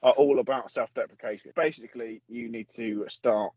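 A man's voice: medium pitch, steady tone, normal speed, darkish tone, dry recording. A man with a Welsh accent co-hosting a comedy podcast, chatting casually and joking. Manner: jokey, puts on a husky voice. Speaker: podcast co-host.

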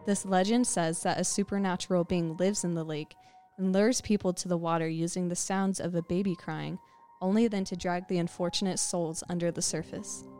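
A woman's voice: fairly low pitch, steady tone, moderate pace, mellow, soft background music. A woman co-hosting a podcast, telling an eerie story in the second person as she sets the scene for the listener. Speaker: podcast co-host. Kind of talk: scripted spooky storytelling.

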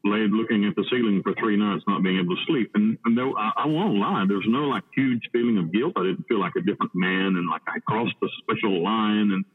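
A man from the United States telling a story in blunt, profane talk, halting with many restarts. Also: fairly low pitch, slightly rough. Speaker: podcast guest. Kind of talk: casual storytelling. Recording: tinny phone-like line with long reverb.

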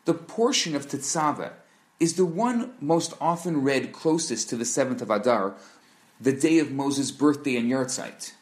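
A man delivers a scripted Torah lesson, explaining things in a measured way and posing rhetorical questions. His voice is medium in pitch and expressive.

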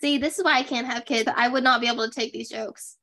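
A young woman with a slightly high voice chats through a reality-show recap with plenty of sarcasm. She talks casually, full of "like"s, and slips into mocking impressions of the people she describes. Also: fast, vocal fry. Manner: chatty, sarcastic, animated impressions. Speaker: podcast co-host.

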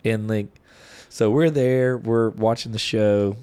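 A man of about forty co-hosting a podcast, animated and often laughing as he tells a story in casual chat. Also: on the low side, slow pace, clean tone. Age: 40s. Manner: animated, laughs while telling stories. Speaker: podcast co-host.

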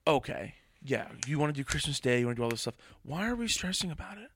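A man's voice: a little high, quick pace, noisy background. Young man, casual podcast co-host. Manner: animated, rambling, swears freely. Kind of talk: casual chat.

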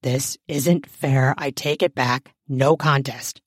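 A woman voicing a bossy, bookish woman professor in an audiobook, talking low and dry. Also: fairly even intonation, takes it slowly, no echo, full character voice. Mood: grumbling. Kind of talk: audiobook character voice.

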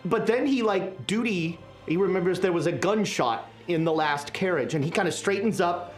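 A game master narrating a tabletop horror game in a casual, halting way, full of fillers. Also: mid-range voice, lively intonation. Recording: echoey room with faint music.

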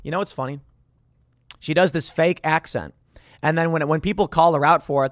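A man from Chicago hosts a commentary show, talking over news clips in a sarcastic, indignant way. His voice sits a little high for a man. The recording is dry and close, with no room sound. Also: steady tone, a little fast, long pauses, no room sound. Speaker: political commentary host.

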